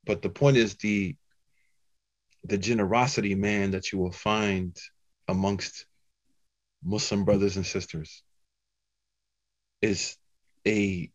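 A man telling a personal story in a talk to a Muslim audience, chatty and animated, full of "you know" and "man". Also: fairly low pitch, dull audio. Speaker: Muslim speaker giving a talk.

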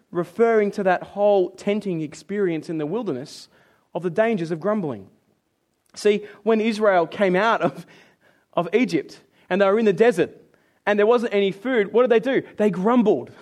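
At a moderate pace, a man preaches animatedly, mimicking grumbling voices, then his voice sinks low and soft for the scripture passages.

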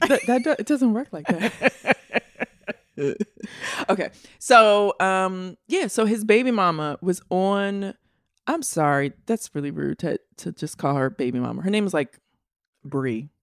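Woman, rambling and giggly, wide expressive pitch, dry sound. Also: measured pace, no echo. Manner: rambling, filler-heavy, giggly. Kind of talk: casual gossip chat.

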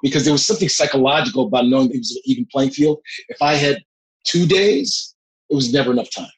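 A middle-aged man speaks at an ordinary pitch, recounting his work as an actor in a relaxed interview. He tells his stories with animation and laughs between them. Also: quick pace, low-quality recording. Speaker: actor, guest. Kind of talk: casual interview storytelling.

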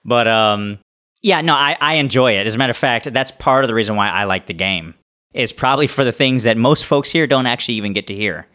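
A man's voice: medium pitch, fairly quick. A man in casual chat among tabletop game friends, telling jokey stories and imitating people. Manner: jokey, animated storyteller who imitates people.

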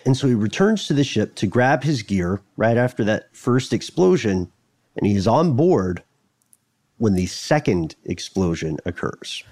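Male podcast co-host, low and lively, dry close mic, casual storyteller. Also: a little slow, no room sound. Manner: animated, jokey, slips into mock voices.

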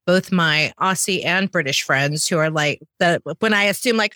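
An American woman hosting a podcast, bubbly and quick with her friendly patter. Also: on the low side, sharp tone, dry recording. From United States. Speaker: podcast host, sales trainer. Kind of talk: casual podcast chat.

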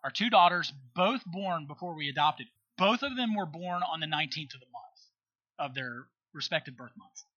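A man's voice: on the high side, expressive, normal speed, pushed and bright, muffled recording. A middle-aged man telling a personal story in casual conversation, earnest and emphatic, often checking in with his listener. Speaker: guest.

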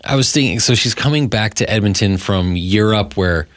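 Male co-host, lower voice, deadpan wit, close dry mic. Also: normal speed, no room sound. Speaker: radio and podcast co-host. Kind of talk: casual banter.

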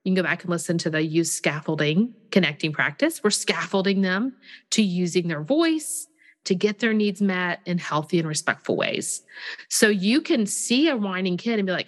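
A woman, co-hosting a parenting podcast, animated and chatty, often acting out what a parent and a child would say. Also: mid-range voice, moderate pace, long reverb tail. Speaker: podcast co-host. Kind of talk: casual parenting podcast chat.

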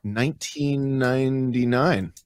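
A man's voice: mid-range voice, takes it slowly. A man from Vermont chatting and joking as a podcast guest, playful with voices. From Vermont, USA. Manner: jokey, playful with voices and accents. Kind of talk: casual banter and interview.

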